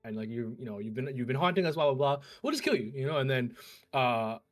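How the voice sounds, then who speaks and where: Fast-talking man chatting casually. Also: medium pitch, soft background music. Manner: fast, loose, full of fillers. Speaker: podcast co-host. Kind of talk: casual fan discussion.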